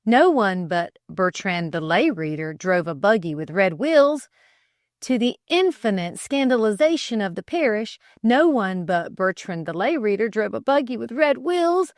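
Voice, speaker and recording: A woman reading an audiobook aloud in a higher voice that rises and falls with lively expression. She takes her time, savoring each phrase with theatrical storytelling. The sound is close and completely dry. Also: no room sound. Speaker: audiobook narrator. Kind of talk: scripted audiobook narration.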